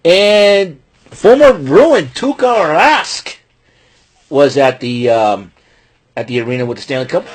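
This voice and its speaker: A man's voice: a little high, wildly swooping pitch, takes it slowly. A man hosting a casual wrestling recap show, rambling and laughing at his own jokes. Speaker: podcast host.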